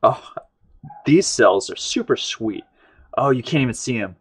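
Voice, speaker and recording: With slight background noise behind him, an American art streamer in his thirties paints while chatting and rambling, often trailing off mid-thought and restarting. His mid-range voice is expressive and measured in pace.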